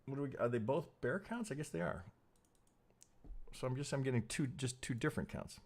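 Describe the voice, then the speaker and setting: A middle-aged man hosting a trading stream, talking over charts in a casual, profane, animated way. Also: medium pitch. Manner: profane, animated, mimics clueless traders in quick asides. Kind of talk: casual live chart commentary.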